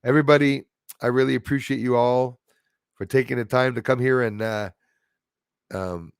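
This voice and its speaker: A man's voice: mid-range voice, fairly even intonation, moderate pace, gravelly, smooth, no room sound, clean studio sound. A man hosting a casual live stream, talking in a loose, rambling way with many fillers and restarts. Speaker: host.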